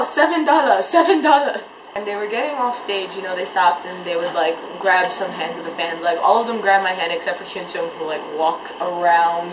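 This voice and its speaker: A woman's voice: medium pitch, noisy background. A woman describing a concert in a casual vlog, gushing and rambling with lots of filler words. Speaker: fan recounting a concert. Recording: echoey room.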